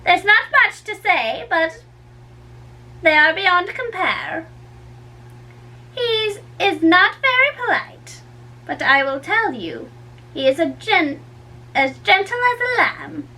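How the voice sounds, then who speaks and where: A woman's voice: very high-pitched, very animated, takes it slowly, long pauses, sharp tone, heavily acted. A woman reading a play aloud, voicing a fussy, teasing old nurse who groans and draws out her complaints. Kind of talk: dramatic reading.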